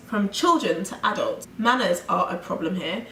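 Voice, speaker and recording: A young British woman in a casual vlog rant, talking fast and chatty, peppering her talk with "like" and mimicking others. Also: mid-range voice, animated, bright, forceful tone, slight background noise. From Britain. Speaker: vlogger. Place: room in New York. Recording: echoey room, faint ambience.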